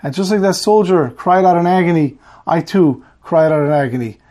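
A humble, pious old rebbe who pleads and explains himself earnestly, as a man puts him on in a story. The voice is high. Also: normal speed, warm tone, lightly acted.

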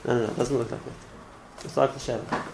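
A man's voice: mid-range voice, steady tone, a little fast, creaky, slight background noise, rough recording. A man teaching a religious class in an earnest way, often repeating words and restarting his phrases. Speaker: Torah teacher.

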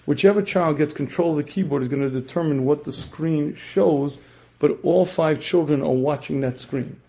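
Creaky-voiced man teaching a class. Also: on the high side, moderate pace, mellow. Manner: clears throat often, questions the class. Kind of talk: religious class lecture.

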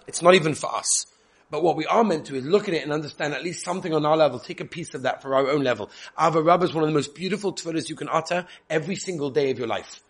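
High-voiced man teaching a Torah class. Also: slightly rough. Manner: reads Hebrew text aloud and explains it in English, with frequent repetitions. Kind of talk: spoken Torah class on prayer.

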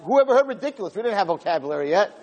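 Animated older man telling a funny story. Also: sits high, racing, rough recording. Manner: animated, self-deprecating, repeats phrases. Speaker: rabbi giving a Torah talk. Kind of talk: humorous storytelling lecture.

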